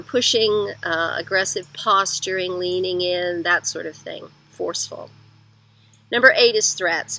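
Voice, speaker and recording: Bright-voiced woman giving parenting advice. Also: fairly low pitch, gravelly, rough recording. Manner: conversational, lists points one by one, acts out parents' lines. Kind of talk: instructional talk to parents.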